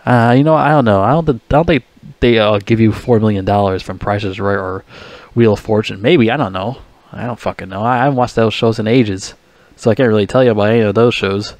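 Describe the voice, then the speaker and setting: A man's voice: lowish voice, a little fast, a little mellow, dry recording. A man ranting about a TV show, swearing constantly, mocking the contestants and stumbling over his words. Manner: profane, mocking, puts on whiny voices. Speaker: vlogger. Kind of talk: ranting commentary.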